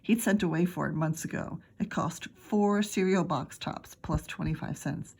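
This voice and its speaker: A middle-aged woman teacher reading a children's book aloud with expressive, chatty asides. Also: on the low side, normal speed, hardly any pauses, husky. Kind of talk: read-aloud storytelling for children.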